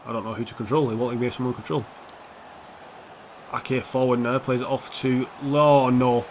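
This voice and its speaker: A man's voice: mid-range voice, level tone, normal speed, noisy background. A young man giving casual, sweary, sarcastic commentary over a football video game, talking back at the players on screen. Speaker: gaming YouTuber.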